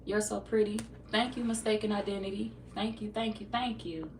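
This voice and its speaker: A woman's voice: mid-range voice, fairly even intonation, normal speed, darkish tone. A young woman with a St. Louis accent, chatting casually with her livestream viewers, loose, profane and joking. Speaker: tarot livestream host. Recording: roomy, distant from the mic, light noise.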